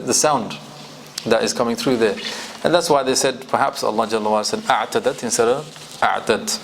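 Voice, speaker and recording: A man's voice: medium pitch, a little hiss or hum. A man with a British accent teaching a Quran commentary class, explaining verses in English and reciting the Arabic between his points. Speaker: Islamic studies teacher.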